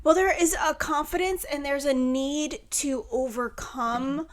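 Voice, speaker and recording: A woman co-hosting a podcast, talking candidly and earnestly in casual chat, slowing down on heavy points. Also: sits high. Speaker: podcast co-host.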